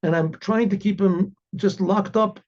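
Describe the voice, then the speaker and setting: A man's voice: high voice, fairly even intonation, a little slow, a little mellow, muffled recording, pitched above the performer's own voice. A man voicing a scheming male innkeeper who pleads in a falsely earnest way. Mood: falsely pleading. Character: scheming male innkeeper feigning brotherly care.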